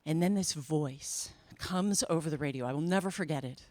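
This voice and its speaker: A woman's voice: low-pitched, normal speed, a little mellow, no room sound. A woman storyteller and emcee telling a playful tall tale to a live audience, breaking into sound effects as she goes.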